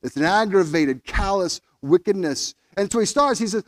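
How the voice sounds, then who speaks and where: A man's voice: high voice, very animated, moderate pace, few pauses, no room sound. A man preaching a sermon in a conversational way, stumbling over restarts and rising emphatically when he quotes scripture. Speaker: pastor.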